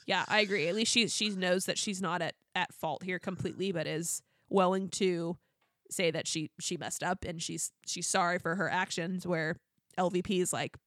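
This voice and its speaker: A woman's voice: lowish voice, steady tone, normal speed, fairly bright tone, no room sound, studio quality. A young woman co-hosting a podcast in casual chat, retelling TV scenes with lots of laughter. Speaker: podcast co-host.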